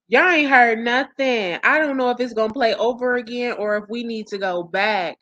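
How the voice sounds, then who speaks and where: A woman's voice: fairly high pitch, normal speed, few pauses, fairly bright tone, dull audio. A woman hosting a commentary channel, reacting to a livestream clip with amused exclamations.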